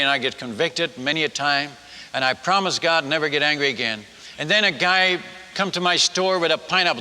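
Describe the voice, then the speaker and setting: An older man from the Netherlands, a missionary telling a humorous sermon story, animated and acting out the people in it. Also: a little high, fairly quick. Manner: animated, acts out villagers and his wife in quotes. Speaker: missionary speaker. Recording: long hall reverb.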